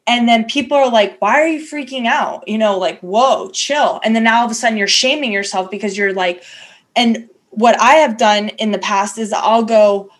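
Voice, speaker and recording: A woman's voice: medium pitch, fairly even intonation, moderate pace. A woman co-hosting a podcast in casual chat, candid and self-deprecating, rambling with restarts and acting out her inner voice. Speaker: podcast co-host.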